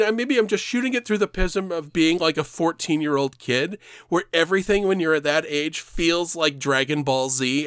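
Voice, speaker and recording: A man's voice: a little high, a bit bright, dry recording, studio quality. Rambling, foul-mouthed man telling a story. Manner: rambling, swears freely, laughs mid-story. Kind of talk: casual storytelling chat.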